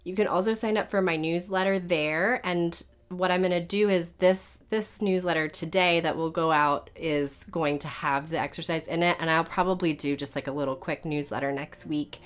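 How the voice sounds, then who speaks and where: A woman with a somewhat low voice speaks casually as a podcast host, her voice scratchy and worn. She chats warmly to her listeners with frequent "like" and "um" fillers. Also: fairly even intonation, normal speed, soft background music. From United States. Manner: warm-hearted and chatty, with fillers like "like" and "um". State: scratchy, strained voice.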